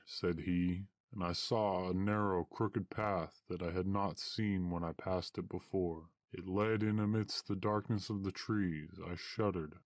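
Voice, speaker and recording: A man narrating a story in a measured, old-fashioned storytelling manner. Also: sits low, fairly even intonation, no echo.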